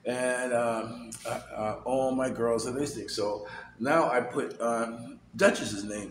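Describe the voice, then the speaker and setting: A man's voice: mid-range voice, steady tone, unhurried. Middle-aged man, casual vlog, rambling, fillers, roomy echo, faint hiss. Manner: rambling, repeats words, many fillers. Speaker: vlogger. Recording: echoey room with faint noise.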